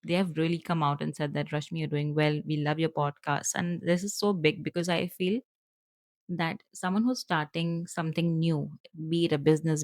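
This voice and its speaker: Fast-talking Indian woman with a low voice. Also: no room sound. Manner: fast-talking, earnest, with fillers. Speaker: podcast host. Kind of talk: solo podcast talk to viewers.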